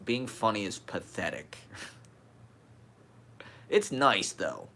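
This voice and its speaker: A man's voice: on the low side, sing-song, takes it slowly, pauses often, bright, forceful tone, a little hiss or hum. A man with a slight lisp, talking candidly in a rambling personal monologue, swearing and laughing as he goes.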